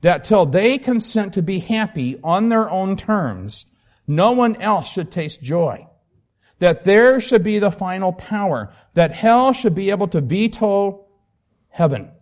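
Give me a man reading a gentle, firm old teacher, earnest and steady. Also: high voice, unhurried, pitched above the performer's own voice.

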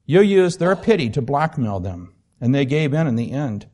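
A man voicing a calm, firm woman in heaven, reading in an earnest, measured way. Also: medium pitch. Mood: reproving.

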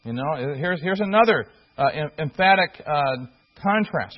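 Husky preacher man, lo-fi sermon. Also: fairly high pitch, expressive. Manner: earnest, halting with fillers and restarts. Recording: dull lo-fi recording.

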